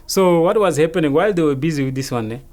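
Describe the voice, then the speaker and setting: Animated man telling a story. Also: on the high side, fast talker. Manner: animated storyteller, often checks in with the listener. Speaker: interview guest. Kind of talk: casual spoken recounting.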